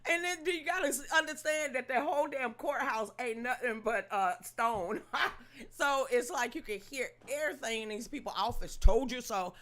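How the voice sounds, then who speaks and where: A woman with a Southern US accent hosting a casual livestream chat, greeting viewers by name, gossiping and teasing as she breaks into loud laughter. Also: on the high side, normal speed. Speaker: livestream host.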